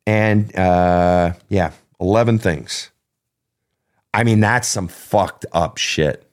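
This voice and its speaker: Blunt sweary guy coaching a caller, lowish voice, gets fired up. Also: takes it slowly. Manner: blunt, emphatic, heavy swearing. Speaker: podcast host and relationship coach. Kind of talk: advice talk with a caller.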